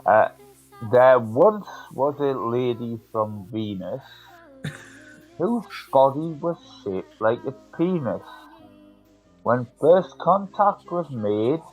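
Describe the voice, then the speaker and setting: A man reciting a limerick in full during a casual online chat, in a slow, deliberate way. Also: mid-range voice, a little mellow. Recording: dull lo-fi mic, faint music.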